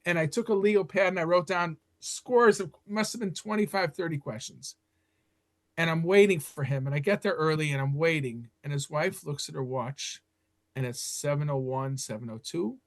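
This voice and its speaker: An older man from Chicago, a guest historian, telling stories in an animated way in a podcast interview. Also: moderate pace. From Chicago, USA. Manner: animated storyteller, leaps up in pitch when excited.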